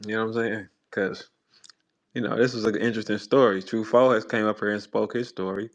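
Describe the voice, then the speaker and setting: A man hosting a casual chat, laid-back and halting, full of fillers. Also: fairly low pitch, steady tone. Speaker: host.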